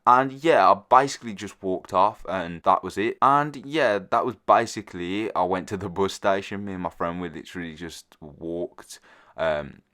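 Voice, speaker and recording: A man's voice: low-pitched, normal speed, bright, forceful tone. A man telling a story casually to his channel, rambling with lots of filler words. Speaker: storyteller vlogger.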